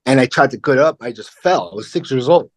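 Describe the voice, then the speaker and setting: A middle-aged man, a comedian guest, telling a personal story in a candid, animated way and acting out the voices of the people in it. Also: mid-range voice, brisk, dry recording. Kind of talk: casual interview storytelling.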